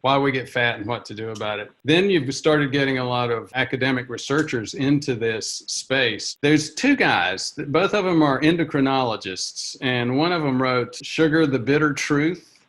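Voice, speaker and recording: A man's voice: medium pitch, moderate pace, fairly bright tone. A man interviewing a guest, explaining background and asking follow-up questions. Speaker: interviewer, doctor. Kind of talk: conversational interview.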